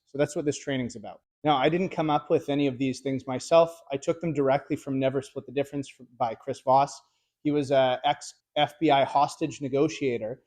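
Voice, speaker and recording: A man's voice: fairly high pitch, warm tone. A man in his thirties, a car sales trainer giving a casual, direct instructional talk to camera. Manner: casual, laid-back and direct.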